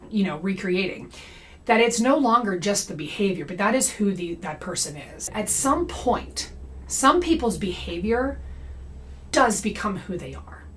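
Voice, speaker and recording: Chatty woman checking in with "okay?". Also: mid-range voice. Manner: conversational, frequent "okay?" and "right?" check-ins. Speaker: comedy creator and anti-MLM commentator. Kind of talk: casual monologue to camera.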